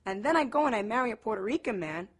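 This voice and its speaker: Young woman, raised in Brooklyn, higher pitch; lively personal monologue, slips into Spanish. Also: fast talker, breathy edge. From Brooklyn, New York. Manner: lively, switches between English and Spanish. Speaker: storyteller.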